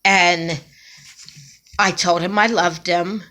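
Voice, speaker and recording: A middle-aged woman, once a nursing home chaplain, telling a personal story in a halting, emotional way, with many restarts. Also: on the low side, fairly even intonation, pushed and bright.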